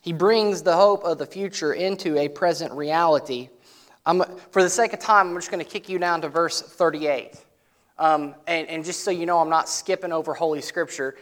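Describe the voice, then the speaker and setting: A man delivers a sermon in a loose, conversational style. His voice sits a little high for a man. He leans hard into emphatic lines, then drops to soft, low asides. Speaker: pastor.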